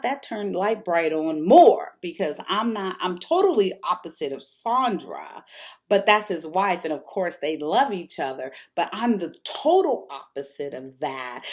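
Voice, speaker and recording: A middle-aged woman vlogger telling a personal story in casual, frank talk, laughing often and swearing freely. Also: fairly low pitch.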